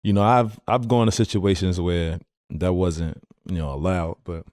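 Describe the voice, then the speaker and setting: A man's voice: low-pitched, fairly even intonation, normal speed, darkish tone, dry recording, studio quality. A man co-hosting a podcast, talking casually and laid-back, trailing off with fillers. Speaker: podcast co-host, former pro player. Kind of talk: casual chat.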